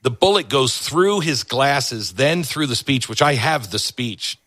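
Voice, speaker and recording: A man hosting a talk show, animated as he tells a story and quick to agree with his guest. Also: mid-range voice, no echo. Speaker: radio talk host. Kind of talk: casual interview chat.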